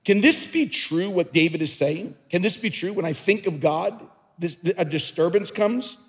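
Husky high-voiced preaching man, reverberant hall. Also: lively intonation, normal speed. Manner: earnest, emphatic preaching with repeated words and restarts. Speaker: pastor. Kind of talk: sermon. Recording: long reverb in a large hall.

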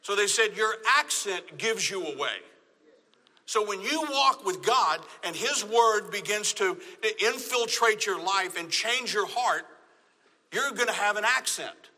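A man's voice: sits high, expressive, measured pace, sharp tone, in a large hall. A man from Texas with a Texan accent, preaching a sermon with emphatic, repeated phrases. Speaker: pastor.

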